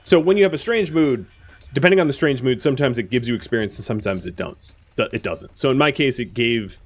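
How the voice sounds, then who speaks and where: A man giving casual let's-play commentary, talking straight to the characters on screen, with excitable outbursts and quiet muttered asides. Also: medium pitch, fast. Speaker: gameplay commentator.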